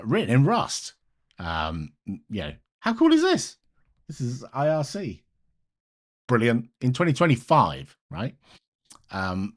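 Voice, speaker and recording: A middle-aged British man with a British accent, rambling casually to live-stream viewers as he works through open source maintenance at his computer, often breaking off mid-sentence. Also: sits low. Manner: rambling, self-interrupting, chatty with viewers. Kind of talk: casual live-stream chat while coding.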